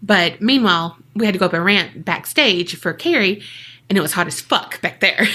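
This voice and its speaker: A woman's voice: medium pitch, animated, moderate pace, pushed and bright. A woman co-hosting a podcast in a casual, chatty way, laughing often and talking straight to listeners. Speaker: podcast co-host. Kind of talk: casual chat.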